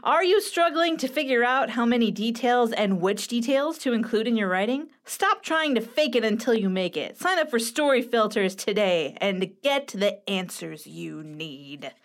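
A woman in her thirties hosting a casual writing show, chatty and playful, with quick asides, recorded at home. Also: a little high, expressive. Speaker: writing coach and podcast host. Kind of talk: casual chat with book critique. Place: home room with a clicking heater.

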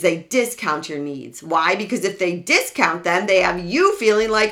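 A woman's voice: on the low side, very animated, moderate pace, hardly any pauses, a bit bright. Emphatic woman asking rhetorical questions. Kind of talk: emphatic explanatory talk.

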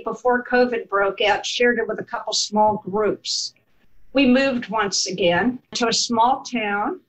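A woman telling a personal story in an interview, animated and laughing as she goes. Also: on the high side, poor audio. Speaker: guest telling her life story.

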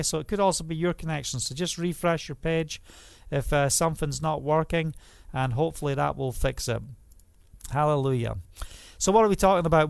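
A man's voice: a little high, gravelly, clear, resonant tone, no echo. A middle-aged man from the UK preaching a livestreamed sermon as a minister, talking conversationally and often saying "you know" and "hallelujah".

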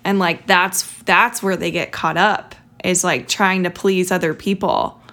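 Young woman hosting a podcast, bright forceful voice, chatty and reflective, says like a lot. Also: fairly low pitch, fairly even intonation, measured pace. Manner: chatty, reflective, lots of "like" and "you know". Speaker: podcast host. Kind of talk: casual podcast conversation.

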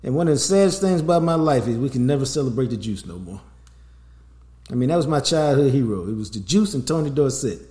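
A man's voice: mid-range voice, animated, fast, dark tone. A middle-aged man hosting a sports podcast, talking in a loose, streetwise way and slipping in promo plugs. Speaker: podcast host. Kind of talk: casual sports podcast chat. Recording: roomy echo.

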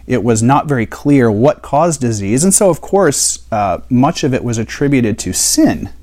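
A man's voice: medium pitch, big pitch swings, moderate pace, darkish tone. A man teaching a Bible study in a conversational way, explaining and asking rhetorical questions.

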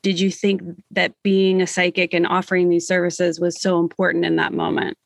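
A woman's voice: fairly low pitch, monotone, moderate pace, creaky, dry recording, clean studio sound. Chatty woman interviewer who laughs easily. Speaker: podcast host interviewer. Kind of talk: interview conversation.

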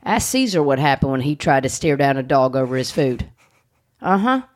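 Low-voiced blunt woman host. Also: big pitch swings, normal speed. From United States. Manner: blunt, joking, swears freely. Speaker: podcast host. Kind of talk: casual chat.

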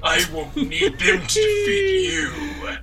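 A man's voice: extremely high pitch, big pitch swings, slow pace, vocal fry, music in the background, voice pushed up, full character voice. Sex: male. Figure: a man voicing an evil hissing sorcerer. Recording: distant mic. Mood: menacing. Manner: hissing, shouted threats.

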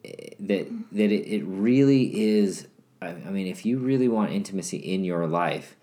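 A man co-hosting a casual couples podcast, speaking calmly and finishing his partner's sentences. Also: sits low, normal speed. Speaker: podcast co-host.

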